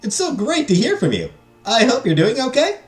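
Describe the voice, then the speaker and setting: A man voicing a peppy, excitable young man, reading game dialogue aloud in an upbeat, lilting voice. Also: extremely high pitch, normal speed, soft background music, pitched above the performer's own voice, exaggerated voice. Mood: cheerful. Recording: echoey room.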